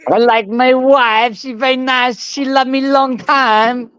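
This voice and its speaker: A man's voice: very high-pitched, fairly even intonation, slow, a bit bright, clear, resonant tone, pitched above the performer's own voice, exaggerated voice. A man putting on a boastful foreign reporter caricature with a mock Kazakh accent and broken English. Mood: goofy boasting. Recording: dull lo-fi video call.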